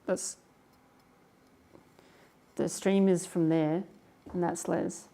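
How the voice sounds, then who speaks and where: Gravelly low young woman. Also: fairly even intonation, extremely slow, dark tone. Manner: rambling, filler-heavy, reads comments aloud. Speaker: livestream host. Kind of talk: casual live-stream chat.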